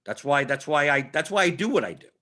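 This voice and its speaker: A young adult man hosts a fantasy sports live stream as an analyst, his voice a little high and sing-song, bright and forceful at a quick pace. He chats casually but emphatically, repeating his points and often tossing in "right?"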